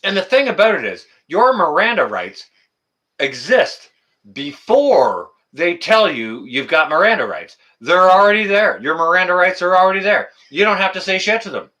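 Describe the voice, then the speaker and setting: Male livestream host, a little high-pitched, bright tone, indignant casual ranting. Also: moderate pace. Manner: animated, talks to chat viewers by name; indignant, rants and repeats phrases.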